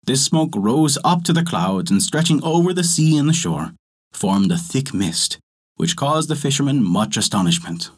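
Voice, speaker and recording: A man narrating a folk tale with an expressive storytelling cadence. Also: mid-range voice, normal speed, husky.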